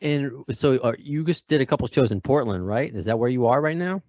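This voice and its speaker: A man's voice: mid-range voice, expressive, fairly quick, darkish tone, no room sound, lo-fi sound. Chatty New York man hosting. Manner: chatty, self-deprecating. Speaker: podcast host. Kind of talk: casual interview chat.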